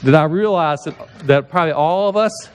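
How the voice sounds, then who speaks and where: A man's voice: a little high, a little fast, slight background noise. Chatty pastor, a man preaching to a congregation. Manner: chatty, asks the congregation questions, acts out quoted voices. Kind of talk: conversational sermon. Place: church sanctuary.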